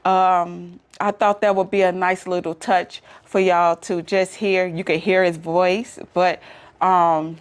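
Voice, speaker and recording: A woman vlogger, chatting casually to camera, emotional and quick to laugh. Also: lowish voice, little pitch movement, clean tone.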